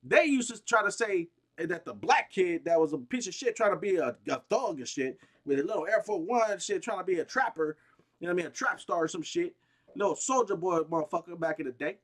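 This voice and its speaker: A gaming streamer delivering a heated, rambling, profane rant, restarting sentences often and bursting out with emphasis. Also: male voice, sits high, expressive, brisk, fairly bright tone. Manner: agitated, emphatic outbursts.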